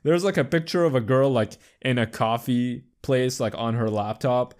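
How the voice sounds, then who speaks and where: A young man hosting a podcast, chatting casually in a rambling, profane way and jumping into high squeaky voices for quips. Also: moderate pace, a little mellow, clean tone. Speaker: podcast host. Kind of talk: casual chat.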